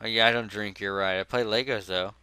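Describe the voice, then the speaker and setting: A man's voice: lowish voice, steady tone, fairly quick, pushed and bright, clean tone, no room sound. A young man hosting a casual comedy podcast, sarcastic and joking as he reads through a list. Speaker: podcast host.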